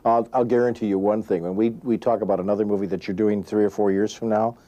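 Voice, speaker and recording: Brief: male interviewer, mellow, friendly chatty questions. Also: lowish voice, fairly even intonation, fast talker, muffled recording. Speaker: entertainment interviewer.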